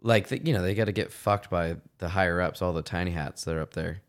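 A man with a fairly low voice co-hosts a casual podcast. He rambles in loose slang and keeps circling back to his point. His talk is crude and offhand. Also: quick pace. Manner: slangy, rambling, full of "like" fillers. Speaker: podcast co-host.

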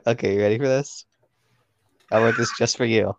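A man's voice: medium pitch, steady tone, a little fast, dry recording. Blunt, teasing young man. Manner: blunt, teasing, crude humor. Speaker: podcast co-host. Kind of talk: casual chat.

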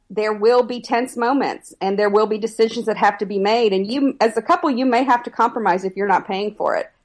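A middle-aged woman, an etiquette expert, calmly giving advice as a podcast guest. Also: mid-range voice. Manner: measured, advising, steady. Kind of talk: podcast interview answers.

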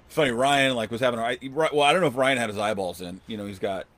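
A man hosting a podcast, telling a long outdoor story in a rambling, animated way and acting out what people said. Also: medium pitch, quick pace. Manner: rambling, animated, acts out quotes. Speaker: podcast host. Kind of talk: casual storytelling.

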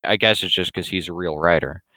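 A man's voice: sits low, brisk, sharp tone, no room sound, low-quality recording. A man ranting casually to camera, blunt and rambling, with many restarts and fillers. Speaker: vlogger. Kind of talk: casual opinionated rant.

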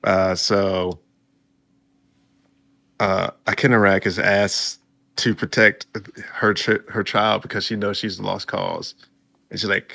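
A man's voice: on the low side, flat delivery, a little slow, gravelly, long pauses, sharp tone. A man casually recapping a story for his viewers, chatty and laid-back, breaking in with reactions. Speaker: video host recapping a story.

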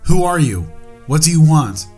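A man's voice: medium pitch, normal speed, a little mellow, soft background music, lightly acted. A man voicing a frightened poor farmer in a ghost story he reads aloud, his voice raised in alarm.

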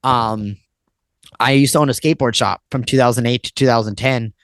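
A fairly quick-talking man in his thirties guests on a casual podcast, hopping between memories with lots of cursing and "like." His medium pitch is a bit bright, with fairly even intonation. The audio is dry and close, with no echo or room sound.

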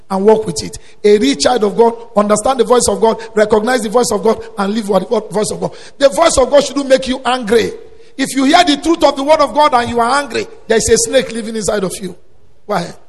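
A male preacher delivering a sermon, swinging between quiet storytelling and loud emphatic exhortation. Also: very high voice, fast. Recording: long hall reverb.

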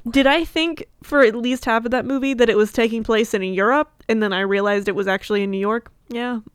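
A woman with a fairly high, smooth voice co-hosts a relaxed chat. She tells stories animatedly and laughs often. The sound is dry and close. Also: fairly quick, dry recording. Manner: animated, giggly storyteller. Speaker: co-host. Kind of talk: casual chat.

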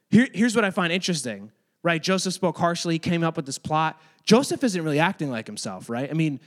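A youth pastor with a notably high voice teaches a group of children in a loose, chatty way. He jokes often and fills his sentences with "like". He keeps the room in order as he goes. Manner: chatty, joking, many filler "like"s; addresses and manages kids in the room. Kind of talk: casual youth sermon.

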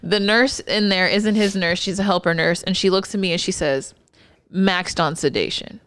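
A woman's voice: lowish voice, fairly even intonation, moderate pace, fairly bright tone, clean tone. A woman co-hosting a podcast in casual chat, telling a hospital story bluntly with swearing.

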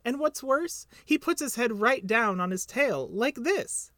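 A tiny piglet voice, high and squeaky, bursting with eager, breathless excitement, as a man reading a storybook puts him on. Lively and jumpy in pitch, recorded close and dry. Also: measured pace, dry recording, heavily acted. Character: tiny timid excitable young male piglet.

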